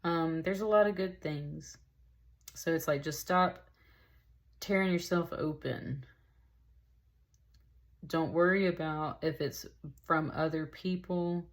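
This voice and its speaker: A woman's voice: low voice, slow pace, long pauses. A woman giving a casual, rambling tarot reading, emotional and a little tearful, full of "like" and "y'all". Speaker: tarot reader.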